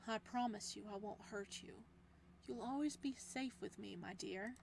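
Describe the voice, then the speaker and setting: Woman voicing a soft-spoken obsessive librarian man. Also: fairly high pitch, animated, a little hiss or hum. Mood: gentle, doting. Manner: slow, gentle, controlled, with menace beneath. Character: possessive soft-spoken male librarian captor. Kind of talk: reading a visual novel aloud.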